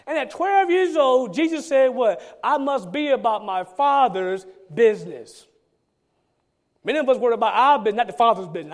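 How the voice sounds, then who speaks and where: A man's voice: very high voice, sing-song, moderate pace. A man, a pastor, preaching a sermon with emphatic repetition and rhetorical questions.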